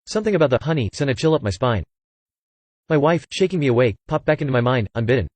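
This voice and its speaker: A man reading a scripted horror story in an even voice, sometimes reading punctuation aloud. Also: medium pitch, fast talker, no echo. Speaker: narrator.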